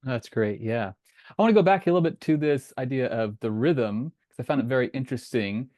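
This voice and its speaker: A man's voice: mid-range voice, expressive, a little fast, a little mellow. A man hosts an interview, posing questions as he thinks aloud and rephrases himself along the way. His voice sounds dry and close, with no room echo. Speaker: podcast host.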